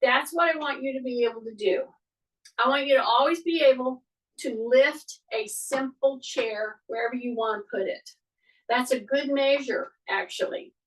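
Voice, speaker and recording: A woman's voice: fairly high pitch, recorded from a distance, poor audio. A woman fitness instructor leading an exercise class, giving step-by-step cues and often checking in with "okay?".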